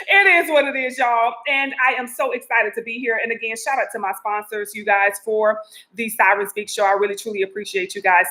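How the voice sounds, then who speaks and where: A woman talks straight to her viewers as host of her own show. Her voice is bright and sits a little high, and she keeps the chat casual. She circles back often with asides to the audience. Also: a little fast, low-quality recording. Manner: chatty, repetitive asides to the audience.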